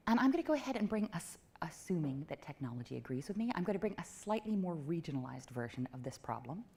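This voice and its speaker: A woman giving a talk at a technology meetup in a playful, self-mocking way, with quick asides to the audience. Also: on the low side, very animated, darkish tone, slight background noise. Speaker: conference speaker. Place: event venue before a live audience.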